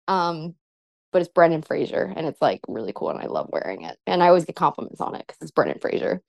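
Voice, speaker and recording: A woman's voice: low voice, sing-song, fast talker, creaky, darkish tone, no echo. A young woman being interviewed, chatting casually, laughing often and filling her talk with "like". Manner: giggly, lots of "like" fillers. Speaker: pro wrestler guest.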